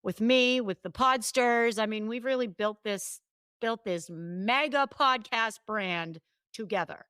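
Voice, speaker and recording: A woman co-hosting a podcast, telling stories in an animated, chatty way with quick asides and restarts. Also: fairly high pitch, clean tone, no echo, studio quality. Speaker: podcast co-host and coach. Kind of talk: casual podcast chat.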